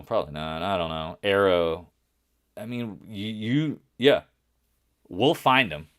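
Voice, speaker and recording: Low-voiced excitable man recapping markets. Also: no room sound, clean studio sound. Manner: excitable, rambling, jumps between thoughts. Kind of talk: casual live stream commentary.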